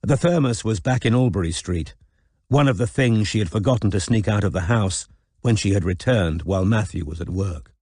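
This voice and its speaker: A man narrating a novel in an audiobook in a measured, even reading. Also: on the low side, no echo, clean studio sound. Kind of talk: scripted narration.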